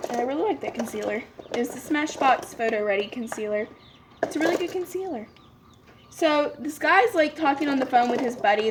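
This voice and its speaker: Young woman, slightly high voice, casual storytime vlogger, chatty filler-heavy delivery, faint room noise. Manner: chatty, lots of "like" fillers, quoting people in dialogue. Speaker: beauty vlogger. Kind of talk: casual storytime while doing makeup.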